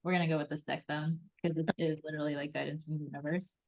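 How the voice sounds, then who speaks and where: A woman hosting a live card reading, enthusiastic and animated, acting out little quoted voices as she coaches. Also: deep voice, fast. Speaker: host and intuitive reader.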